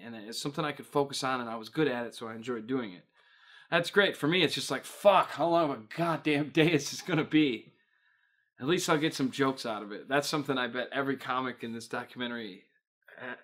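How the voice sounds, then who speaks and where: A man's voice: mid-range voice, pushed and bright. A male stand-up comedian in a documentary interview, telling rambling, profane stories.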